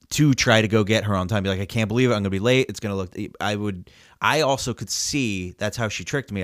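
A man telling a story in casual chat, acting out the quotes and swearing freely. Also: on the low side. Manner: animated storytelling with acted-out quotes.

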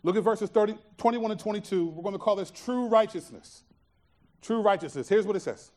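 Earnest high-voiced male preacher. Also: a little fast, darkish tone. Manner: earnest, emphatic teaching with rhetorical questions. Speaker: pastor. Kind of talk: sermon.

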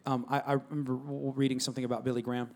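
A man's voice: mid-range voice, level tone, very fast. A man preaching a sermon in a conversational, emphatic style, repeating phrases and calling out to the congregation. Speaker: pastor.

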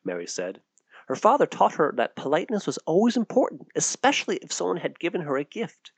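A man reads a storybook tale aloud with an expressive, animated delivery that rises and falls freely across a fairly high-sitting voice. The recording is dry and close, with no room sound around it. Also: fast talker, husky, no echo. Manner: expressive, lively narrating. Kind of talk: storybook narration.

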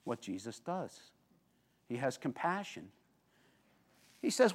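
A man preaching a sermon, telling the story vividly, swinging between lively emphasis and hushed, intense moments and asking the listeners questions. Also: medium pitch, slow, long pauses. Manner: animated storytelling with sudden drops to quiet intensity. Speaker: pastor.

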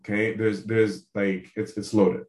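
A man's voice: lowish voice, little pitch movement, unhurried, darkish tone. A man teaching a casual Bible study, talking conversationally, often checking in with his listeners and restarting his sentences. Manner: conversational, keeps checking in with "right?"; frequent restarts and repeated words. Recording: echoey room.

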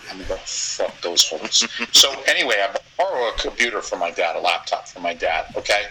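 A man's voice: deep voice, expressive, brisk, pushed and bright, slight background noise, rough recording. A man with a Boston accent telling a crude, rambling story as a podcast guest, profane and often laughing.

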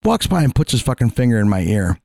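A man rattles through his stories at a quick clip, cursing freely and acting out what everyone said. His voice sits at an ordinary pitch and sounds dry and close, with no room around it. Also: creaky, no room sound. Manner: profane, animated, quotes others in his stories. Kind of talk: casual chat, storytelling.

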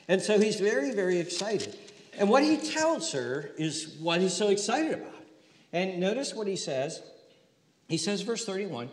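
Pastor, conversational and animated, slightly high voice, echoey hall. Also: male voice, moderate pace. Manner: conversational, animated, acts out scenes. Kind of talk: sermon. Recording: echoey hall with long reverb.

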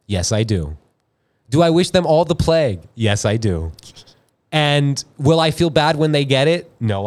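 A man hosting a podcast, ranting in an irritated, profane, animated way. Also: fairly high pitch. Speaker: podcast host. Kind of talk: casual podcast rant. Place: podcast studio.

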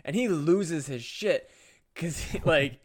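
Young male podcast co-host, slightly raised pitch, loose rambling storyteller, full of fillers. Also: animated, takes it slowly. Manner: rambling, profane, many fillers. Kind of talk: casual storytelling.

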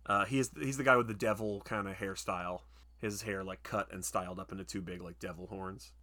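A young man casually retelling a film's plot, rambling with many fillers and restarts, slipping into quick voices for the characters. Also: low voice, fairly even intonation, pushed and bright. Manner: rambling, lots of "like" and restarts, acts out quotes. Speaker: podcast co-host recapping a film. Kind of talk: casual chat.

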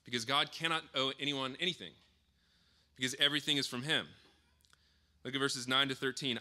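A man in his thirties preaching a sermon in a relaxed, conversational way, often pausing to rephrase himself. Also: mid-range voice. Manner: conversational, with frequent fillers and self-corrections. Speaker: pastor.

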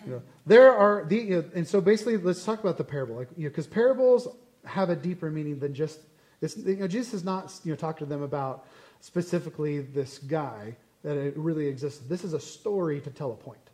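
A man teaching a Bible passage in a casual, conversational way, animated and full of asides. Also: on the high side, quick pace.

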